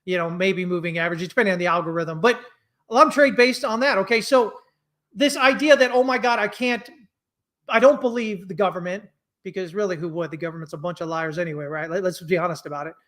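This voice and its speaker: An American man from the United States delivers casual trading commentary, blunt and ranting, quick to anger, loose and conversational with lots of fillers and restarts. His voice sits high and a bit bright.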